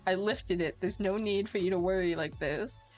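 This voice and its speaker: A woman's voice: mid-range voice, normal speed, a little mellow, soft background music, close to an everyday voice, low-quality recording. Mettaton, a woman voicing a flirty robot star. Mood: soothing. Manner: smooth, teasing, affectionate. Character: flamboyant charming male robot star.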